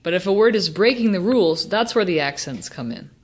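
A woman explaining a language lesson, slowing down to pronounce example words with care. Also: medium pitch, lively intonation. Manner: slow, deliberate pronunciation of example words. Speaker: Spanish teacher.

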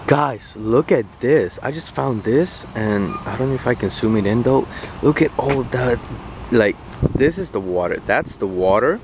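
A young man casually vlogging outdoors by the water in light rain, talking excitedly and slangily straight to his viewers on a handheld phone. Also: on the low side. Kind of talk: casual outdoor vlog chat. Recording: outdoor phone audio with street noise.

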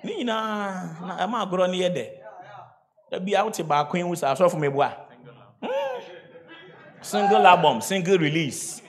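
A middle-aged man with a Ghanaian accent preaching a sermon, swinging from shouts to quiet storytelling and laughing as he goes. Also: high-pitched, very animated, normal speed, pauses often. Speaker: pastor.

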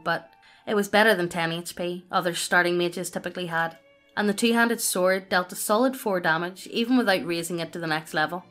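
A woman reading a personal story aloud as scripted narration, in a steady, even delivery. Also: lowish voice.

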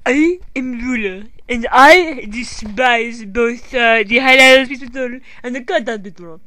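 A woman's voice: a little high, unhurried, bright, forceful tone, dry recording. A woman voicing a pompous scheming villain, a talking ruler toy, in a put-on French accent for a homemade puppet show. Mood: haughty. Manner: stiff, haughty, declaring.

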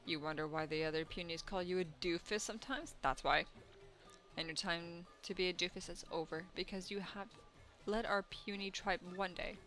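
A woman's voice: on the low side, steady tone, normal speed, a bit bright, soft background music, lightly acted. A woman voicing a cranky, bossy old female elder of a tiny bug-like tribe in a video game. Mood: scolding. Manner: scolding, bossy.

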